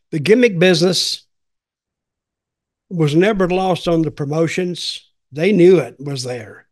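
A man's voice: on the high side, darkish tone. An older man hosting a podcast, telling folksy, rambling stories in casual chat. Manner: rambling, folksy, repeats himself. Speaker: podcast host.

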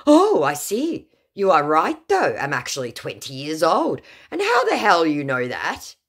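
A man's voice: fairly high pitch, huge pitch swings, a little slow, gravelly, a bit bright, breathy edge, voice pushed up, full character voice. A woman voicing a young male romance scammer, defensive and boastful, speaking in broken English. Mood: puzzled. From Nigeria. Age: 20s.

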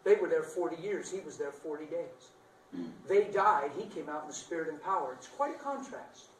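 A man preaching a sermon with dramatic swings between loud bursts and hushed lines, playful and laughing at himself now and then. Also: fairly high pitch, a little fast, a little hiss or hum. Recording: roomy sound picked up from a distance.

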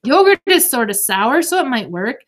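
A woman voicing a sensible, bossy teenage older sister in a storybook reading, speaking in a firm, instructive way and a little higher than her own voice. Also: sing-song, normal speed.

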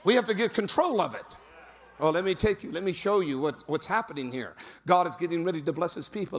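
A male pastor preaching a sermon, repeating phrases and breaking into sudden shouts for emphasis. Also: high voice, animated, brisk, a little hiss or hum. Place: large church sanctuary. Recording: long hall reverb.

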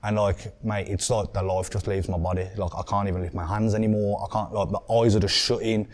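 Fast-talking Birmingham man telling a story. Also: fairly low pitch. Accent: Birmingham English. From England. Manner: animated, swears often, acts out quotes. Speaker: guest. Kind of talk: storytelling in a podcast interview.

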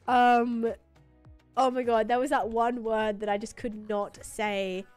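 A young woman chats through a live game stream in a loose, giggly way, full of "like" and "um". Her voice sits a little high. Faint music plays behind her. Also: normal speed, a little mellow. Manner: chatty, giggly, lots of "like" and "um". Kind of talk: casual live-stream chat while gaming.

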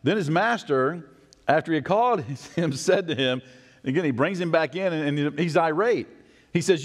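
Preaching man in a reverberant church. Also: moderate pace. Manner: expressive, acts out quoted voices with rising pitch. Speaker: pastor. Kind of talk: sermon. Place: church sanctuary. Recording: long church hall reverb.

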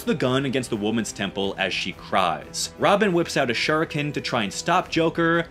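A man narrating a scripted, enthusiastic story pitch as a channel host. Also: animated, normal speed, hardly any pauses, fairly bright tone, faint music behind. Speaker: YouTuber pitching a game story.

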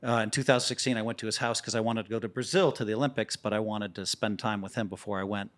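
A man as a guest on a podcast, telling lively stories in casual, profane talk that stumbles and restarts. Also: lowish voice, fast talker. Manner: animated, profane, repeats words as he restarts. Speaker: poker player guest. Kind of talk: casual storytelling.

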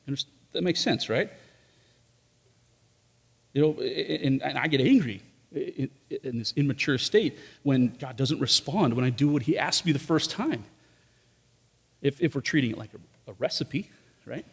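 A man's voice: medium pitch, expressive, a little slow, pauses often, husky. A man preaching a sermon as pastor, talking conversationally with rhetorical questions and frequent asides to the congregation. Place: church service in a large room. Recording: long reverb of a large hall.

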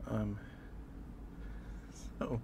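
A man chatting casually on an ASMR livestream, a little out of breath from a full stomach, halting and repeating himself as he fondly greets his viewers. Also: noisy background. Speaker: ASMR streamer.

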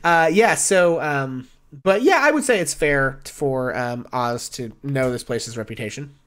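A man's voice: medium pitch, animated, unhurried, fairly bright tone, clean tone. Laid-back young man running a tabletop game. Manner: easygoing, hesitant, many fillers. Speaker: game master.

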